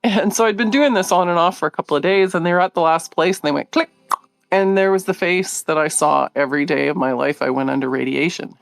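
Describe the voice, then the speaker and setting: A middle-aged woman hosting a live video, telling a story in a casual, animated way, laughing often and acting out what others said. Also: lowish voice, fast talker, vocal fry, no room sound. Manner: animated, laughing, acts out quoted voices.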